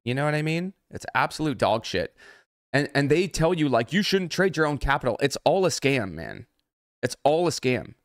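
Swearing constantly, a man who works as a trading mentor delivers a furious livestream rant. His mid-range voice swings widely in pitch at a moderate pace, and the clean studio recording has no echo.

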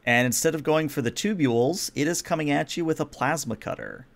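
A man's voice: fairly high pitch, fairly quick, creaky. A man running a tabletop role-playing game as game master, explaining the rules patiently and narrating the action.

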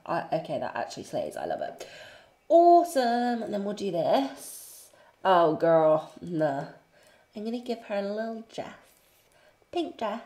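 An excitable young woman chatters through her gameplay, her pitch leaping about as she gushes and slips into cooing baby talk. Her voice sits in a roomy, echoing space. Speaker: gaming YouTuber. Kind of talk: let's-play commentary.

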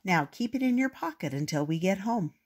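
An older woman voicing a friendly young girl in a storybook, gentle and upbeat. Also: medium pitch, animated, fairly quick, slightly rough. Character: friendly young girl helping her brother.

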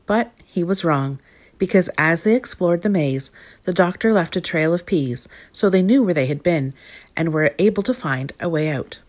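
A woman reading a children's story aloud with lively expression. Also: low-pitched, normal speed.

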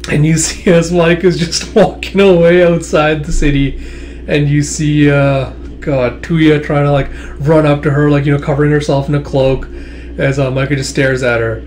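A man's voice: a little high, fairly even intonation, normal speed, darkish tone, slight background noise. A man casually narrating a comic aloud with many fillers. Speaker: comic reader, channel host.

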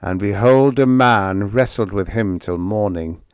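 A man's voice: lowish voice, a little slow, darkish tone, clean tone, no room sound, natural voice. A man voicing a wounded, anguished space captain. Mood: grim intense.

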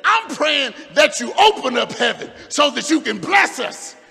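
A man's voice: extremely high pitch, big pitch swings, measured pace, creaky, long reverb tail, voice pushed up, full character voice. A preacher playing King Solomon, anxiously pleading. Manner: pleading, shouting.

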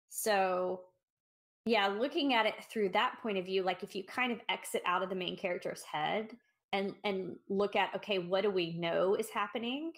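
A woman's voice: mid-range voice, a bit bright. A woman co-hosting a podcast, discussing a short story in a reflective way and thinking aloud with restarts. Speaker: podcast co-host. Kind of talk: casual book discussion.

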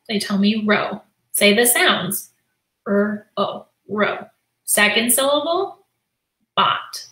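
A woman's voice: on the high side, pushed and bright, echoey room, poor audio. A young adult woman teacher explaining and modeling a lesson in a live stream, with frequent fillers and restarts. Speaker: teacher and literacy educator.

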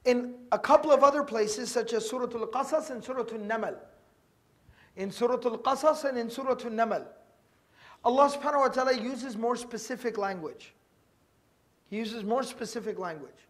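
High-voiced man teaching Quran commentary. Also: normal speed. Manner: earnest, repeats key phrases for emphasis; mixes in Arabic terms and explains them. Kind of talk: religious lecture, verse-by-verse commentary.

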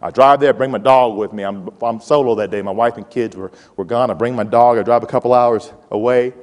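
A man in his forties giving a playful, animated motivational talk to students and calling out to the audience. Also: medium pitch, fairly quick. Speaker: college president giving a talk. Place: large hall with a live audience. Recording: hall reverb.

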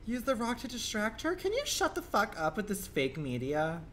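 A man's voice: wildly swooping pitch, moderate pace, few pauses, fairly bright tone. A man streaming live gameplay, swearing a lot and swinging between muttering and screams. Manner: profane, dramatic, swinging from low muttering to screaming. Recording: noisy stream audio.

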